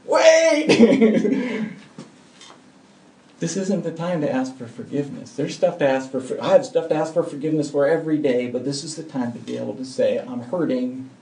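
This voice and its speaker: A pastor preaches an earnest, emphatic sermon that closes with a prayer, moving between hushed and loud passages. His gravelly, mellow voice sits a little high, and he talks fast with hardly any pauses. A distant mic in a church gives the sound a roomy quality.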